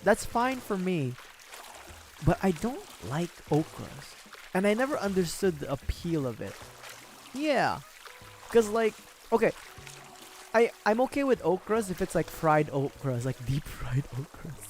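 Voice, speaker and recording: A man's voice: high-pitched, sing-song, a little slow, long pauses, soft background music. A young man streaming, chatting casually and rambling, with frequent laughs. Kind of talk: casual livestream chat.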